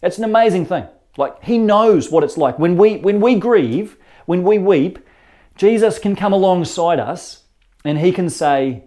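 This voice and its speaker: A man's voice: high-pitched, animated, unhurried, dark tone. A man preaching a sermon in an earnest, conversational storytelling way, often repeating words as he goes. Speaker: pastor.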